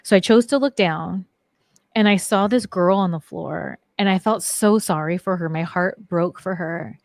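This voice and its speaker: A woman's voice: lowish voice, normal speed, creaky, no room sound. Chatty woman, dry studio voice. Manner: chatty, many "like" fillers. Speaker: guest. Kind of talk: casual storytelling interview.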